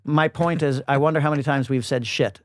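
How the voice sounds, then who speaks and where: A man's voice: a little high, brisk, no room sound. A middle-aged man co-hosts a podcast and tells a story in easy, casual chat. He acts out what the other people said as he goes. His voice sits dry and close to the mic, with no room around it. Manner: animated storyteller acting out quotes. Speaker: podcast co-host.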